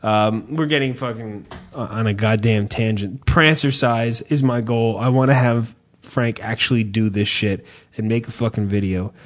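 A man's voice: fairly low pitch, moderate pace. A man hosting a casual chat, swearing freely and rambling through a story, with many hesitations and restarts. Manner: hesitant, repeats himself. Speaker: podcast host.

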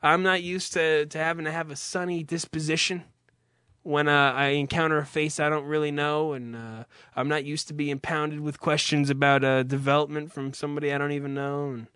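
A man's voice: a little high, a bit bright, clear, resonant tone, no room sound, clean studio sound. A young man hosting a podcast, ranting in an irritated, profane, unscripted way, then reading an ad. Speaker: podcast host. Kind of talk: profane rant and ad read.

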